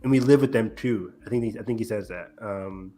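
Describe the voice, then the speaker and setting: A man co-hosting a casual podcast, recapping an episode in quick, excited bursts with lots of ums. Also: lowish voice. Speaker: podcast co-host. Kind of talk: casual chat.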